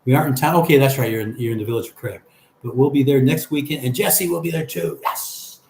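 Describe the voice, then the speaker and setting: An older man hosts a live stream, chatting casually and reading viewer comments aloud before responding. His mid-range voice is a little mellow and quick-paced, and the echoey room carries a faint background hum.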